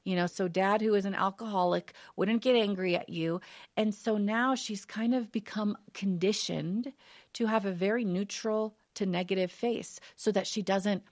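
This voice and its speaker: Measured woman counselor explaining. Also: medium pitch. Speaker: counselor and author guest. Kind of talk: conversational interview.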